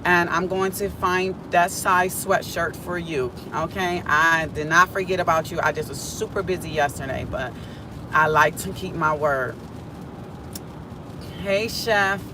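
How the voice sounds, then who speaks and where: A woman talking casually and excitedly to her live viewers from her car, speaking into a phone on a stand. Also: fairly low pitch, unhurried. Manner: casual, excitable, chatty slang. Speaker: prophetic content creator. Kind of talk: live prophetic vlog chat. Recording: car road noise behind.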